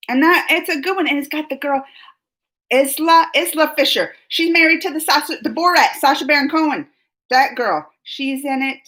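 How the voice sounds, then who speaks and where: High, bright-voiced chatty woman streamer. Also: rough recording. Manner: chatty, rambling, laughs often, answers chat comments. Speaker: live-stream host. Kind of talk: casual live chat with viewers.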